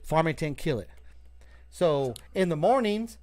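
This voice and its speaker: Animated, profane man telling a story. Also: fairly high pitch, measured pace. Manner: profane, animated, acts out voices in his stories. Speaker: co-host. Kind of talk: casual storytelling chat. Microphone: video call.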